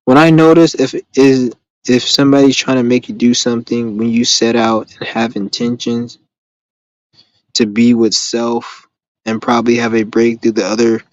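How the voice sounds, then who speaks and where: A man's voice: medium pitch, moderate pace, no echo, dull audio. A man chatting casually on a live stream, answering viewers in rambling, profane street slang and telling stories with animation. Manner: animated storytelling.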